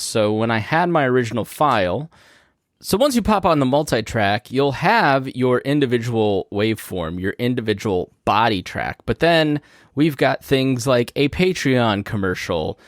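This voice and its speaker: A man's voice: medium pitch, no echo. Man explaining a podcast how-to, dry sound. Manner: conversational, walks through steps plainly. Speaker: podcast host. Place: home podcast studio. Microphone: studio microphone through a podcast mixing board.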